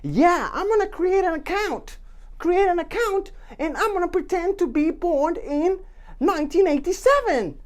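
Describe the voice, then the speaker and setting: A high, squeaky, sneaky teenage boy, as a man puts him on, mocking and pushy as he schemes to lie about his age. The voice sits far above the speaker's own and comes from a little off the mic. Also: animated, moderate pace.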